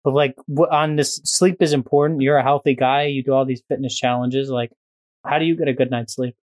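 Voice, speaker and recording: A man's voice: medium pitch, fairly even intonation, a little fast, darkish tone, dry recording. Rambling, foul-mouthed man. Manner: profane, rambling, jokey. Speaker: podcast guest. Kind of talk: casual podcast chat.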